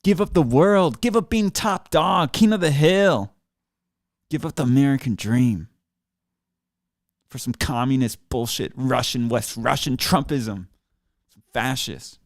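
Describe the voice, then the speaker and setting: A man hosting a solo podcast rants at listeners, sarcastic and crude, through a desk mic placed before his computer in a small studio. His voice is medium in pitch, with no echo.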